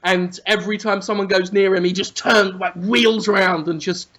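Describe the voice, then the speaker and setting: High-voiced man telling a crude comic story. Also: moderate pace. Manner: animated, crude, absurd. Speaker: podcast co-host. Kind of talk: casual comedic storytelling.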